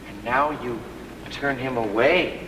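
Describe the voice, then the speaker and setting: A man's voice: mid-range voice, slow, a bit bright, a little hiss or hum. A stage actor playing a shabby, indignant male tramp who mocks and reproaches. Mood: reproachful. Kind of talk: stage play performance. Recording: distant, echoey stage hall recording.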